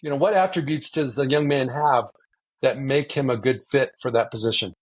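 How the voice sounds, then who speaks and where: A man's voice: mid-range voice, brisk. A man hosting a podcast, asking long rambling questions in a casual interview. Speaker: podcast host.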